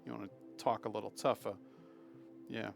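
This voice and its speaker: A man from Massachusetts giving rambling, chatty live commentary while playing a game, breaking into loud laughter. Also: lowish voice, level tone, moderate pace, gravelly, soft background music. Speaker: streamer. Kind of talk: live let's play commentary.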